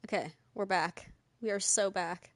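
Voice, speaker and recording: A woman's voice: mid-range voice, a little slow, no echo. A young woman streamer chatting casually with her live chat, often laughing. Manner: chatty, giggly, talks to chat.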